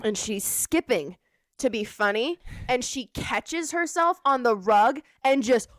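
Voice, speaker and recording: A young woman on a podcast, telling a funny work story in a casual, animated way with lots of "like". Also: on the high side, a little slow, dry recording, clean studio sound. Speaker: podcast co-host.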